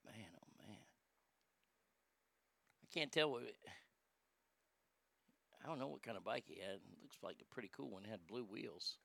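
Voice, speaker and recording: A man's voice: on the low side, lively intonation, moderate pace, creaky, pauses often, fairly bright tone, no room sound. A man giving a casual commentary vlog in a sarcastic, profane, mocking manner.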